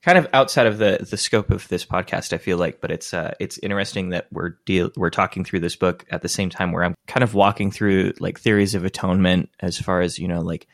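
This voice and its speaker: A man's voice: deep voice, fairly even intonation, brisk, vocal fry, hardly any pauses, dry recording, clean studio sound. A man co-hosting a casual book podcast, easygoing, trailing into fillers as he thinks. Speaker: podcast co-host. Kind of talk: casual book-club chat.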